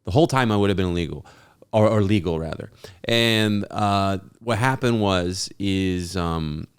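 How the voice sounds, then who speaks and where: A man's voice: low-pitched, normal speed, clean tone. A man guesting on a podcast in casual comedic chat, telling rambling stories and joking along. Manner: rambling storyteller, joking banter.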